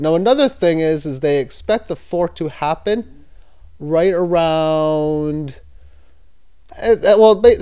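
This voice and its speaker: This man's casual screen-share take on cryptocurrency news is skeptical with occasional sarcasm, delivered hesitantly through fillers and self-corrections. His voice is fairly high-pitched, smooth, and darkish in tone.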